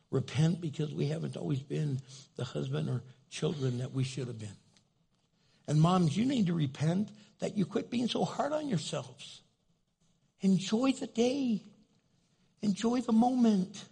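A man's voice: on the high side, gravelly, husky. An older man preaching a conversational sermon as pastor, telling folksy stories and speaking directly to his congregation.

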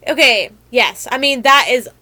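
A woman co-hosting a podcast in excitable, crude, giggly casual chat. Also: high voice, moderate pace, dry recording. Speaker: podcast co-host.

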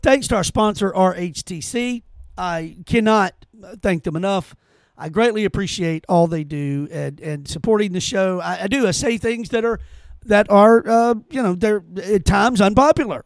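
A man's voice: sits high, no echo. Sarcastic, indignant male podcast host. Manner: indignant, sarcastic, repeats phrases for emphasis. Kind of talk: opinionated solo commentary.

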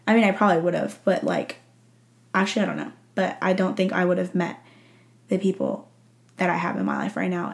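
A young woman hosting a podcast speaks in a low, gravelly voice. She tells a personal story in easy, chatty talk, laughs often and leans on "like" as a filler. She sounds a little teary but keeps talking. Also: a little mellow. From Texas. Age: young adult. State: teary-eyed. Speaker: podcast host. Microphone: audio-only recording.

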